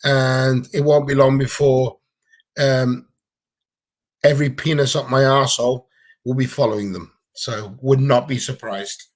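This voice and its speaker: A man's voice: medium pitch, steady tone, unhurried. A man with a Gibraltarian accent, chatting bluntly and casually on a livestream Q&A from home, swearing freely. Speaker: livestream co-host.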